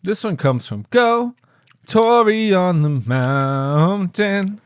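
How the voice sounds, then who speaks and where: A man co-hosting a movie podcast talks in a lively voice that swoops up and down, full of playful asides. He hesitates often and fills gaps with fillers. His voice sounds close and dry. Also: high voice, takes it slowly, clear, resonant tone, no echo. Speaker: podcast co-host. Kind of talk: casual movie chat.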